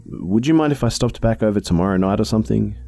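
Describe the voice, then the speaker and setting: A man's voice: lowish voice, animated, quick pace, vocal fry, mellow, pitched above the performer's own voice. A man voicing a young woman police officer in a first-person story, speaking earnestly with some hesitation.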